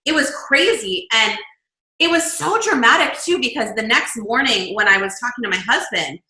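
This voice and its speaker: A woman guest describing her path into shamanic healing in lively, animated conversation. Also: fairly high pitch, moderate pace, roomy sound, poor audio. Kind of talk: casual storytelling chat.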